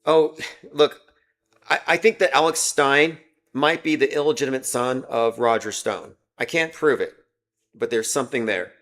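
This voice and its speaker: A man's voice: mid-range voice, fairly even intonation, normal speed, a bit bright. Rambling sarcastic man hosting a livestream. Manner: rambling, sarcastic, reads viewer comments aloud. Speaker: livestream host. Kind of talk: casual livestream commentary.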